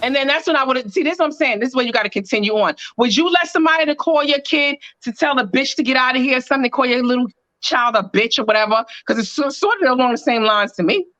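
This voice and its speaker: A woman's voice: high voice, fast, fairly bright tone, dry recording, lo-fi sound. A woman co-hosting a casual reality TV recap chat, emphatic and opinionated as she makes her point. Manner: emphatic, opinionated, repeats "this is what I'm saying". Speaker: co-host.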